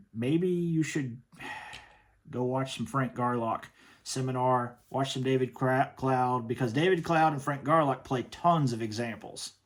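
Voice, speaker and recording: A man hosting a commentary show, talking in an emphatic, stern way and often repeating himself. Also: medium pitch. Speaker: host reviewing worship music. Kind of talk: opinionated commentary.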